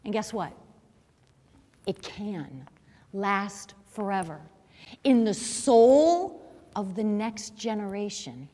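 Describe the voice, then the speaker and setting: A woman's voice: medium pitch, animated, slow pace, pauses often, mellow, big-room sound. A middle-aged woman giving an emphatic, preachy talk to a young audience, full of rhetorical questions. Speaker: speaker.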